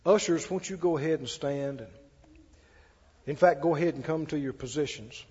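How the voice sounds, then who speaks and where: A male pastor's fairly high, warm voice, edged with breathiness, moves at a moderate pace through a sermon told in a folksy, chatty style with conversational asides. He's in a church sanctuary, recorded in a dull, echoing hall.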